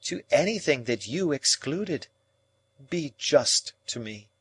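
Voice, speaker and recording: A man reading an audiobook, voicing a proud, cool young woman who speaks in measured, cutting reasoning. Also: medium pitch, expressive, a bit bright, slightly rough, no room sound, pitched above the performer's own voice, heavily acted. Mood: cold.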